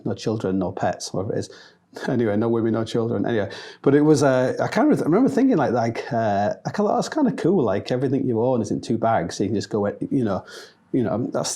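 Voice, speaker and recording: Man, English, mellow low-key storyteller, rambling casual monologue. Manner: rambling, many fillers and restarts, laughs often.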